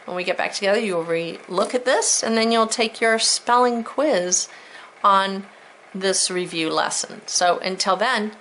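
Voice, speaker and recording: Teacher lady going thru spelling words real slow, letter by letter, bit of hum behind her. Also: mid-range voice, fairly bright tone, low-quality recording. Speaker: elementary school teacher. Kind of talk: recorded spelling lesson for students.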